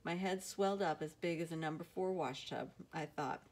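A woman reads a novel aloud in a steady, measured way. Her voice sits somewhat low for a woman. She tells the story plainly and evenly. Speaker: audiobook narrator.

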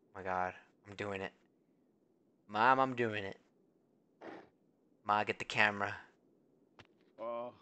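A man streaming a video game, reacting excitably, swearing a lot and talking to his chat. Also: on the low side, takes it slowly, long pauses, clear, resonant tone. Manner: talks to chat and thanks followers. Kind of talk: live gameplay commentary. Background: faint game music.

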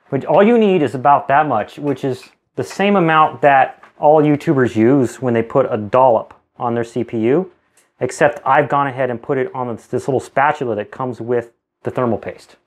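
A man hosting a casual hands-on tutorial at home, explaining each step plainly while he works. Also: mid-range voice. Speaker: channel host building a PC.

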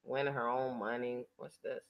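A woman's voice: rumbling low, flat delivery, a little slow, creaky, dull audio. A woman hosting her own channel, giving blunt, profane, mocking commentary in a casual chatty style. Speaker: channel host.

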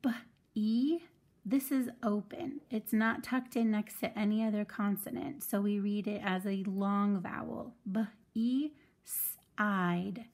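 A woman's voice: mid-range voice, fairly even intonation, a little slow, darkish tone. A woman teaching a phonics lesson to children, patiently sounding out words syllable by syllable.

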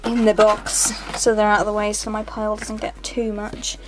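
A woman's voice: mid-range voice, monotone, moderate pace. A young woman hosting a card-opening video, chatty and giggly, repeating herself as she reads out each card. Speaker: channel host opening card packs. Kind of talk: casual chat while opening booster packs. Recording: faint music behind.

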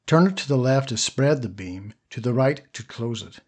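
In an audiobook, a man voices a calm, precise old male weapon shopkeeper, speaking low and quiet. His pace is moderate, with a breathy edge.

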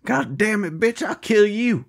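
A man voicing an angry hillbilly axe-man in a bunny costume, shouting curses and threats in a raised voice. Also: high-pitched, very animated, measured pace, vocal fry, pitched above the performer's own voice, exaggerated voice. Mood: furious.

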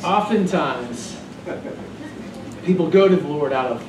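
Male pastor, lively sermon storyteller; far mic in a roomy, noisy hall. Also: a little high, a little slow. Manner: animated storytelling. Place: church sanctuary. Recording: echoey church hall, distant mic, noisy.

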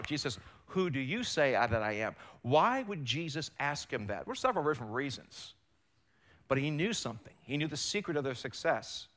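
A man's voice: mid-range voice, a bit bright. A man preaching a sermon as pastor in a church, emphatic and rising and falling in force. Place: church sanctuary.

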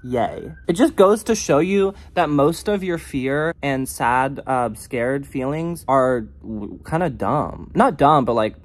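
A man's voice: medium pitch, lively intonation, takes it slowly, hardly any pauses. A young man talks straight into the phone he holds close, vlogging from a rental apartment. His delivery rambles and doubles back. Nerves and self-deprecating humor run through it. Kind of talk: casual late-night vlog to camera. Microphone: phone held close.

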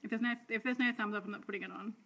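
An Australian woman, a sales director, chatting and rambling warmly to her team on a live stream. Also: mid-range voice, fairly even intonation, racing. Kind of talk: live-stream talk to viewers.

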